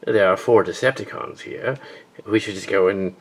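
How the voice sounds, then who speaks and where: Deep, gravelly man muttering deadpan. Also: normal speed. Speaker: fan-film voice actor. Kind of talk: improvised fan-film voice acting.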